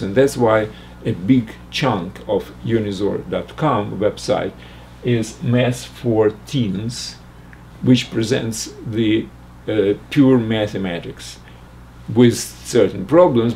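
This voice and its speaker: An older man teaching math, working slowly through a logic puzzle aloud with frequent restarts. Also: lowish voice, mellow, slight background noise. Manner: halting, restarts and fillers while reasoning aloud. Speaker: math lecturer.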